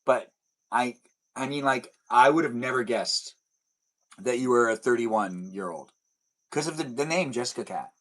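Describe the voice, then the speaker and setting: A man's voice: medium pitch, moderate pace, pauses often, a bit bright. Chatty young man live-streaming. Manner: chatty, rambling, answers chat messages aloud. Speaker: livestream host. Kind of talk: casual livestream chat reading comments. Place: indoors at home with TV on behind.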